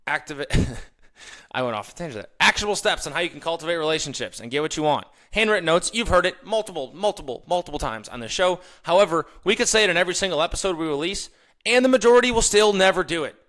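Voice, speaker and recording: A young man with a bright, forceful voice talks straight to his listeners in a casual motivational monologue. He rants with energy and drops into quick impressions of other people mid-sentence. He sounds like a podcast host working through his points off the cuff. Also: on the high side. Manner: animated, ranting, mimics others in quoted asides.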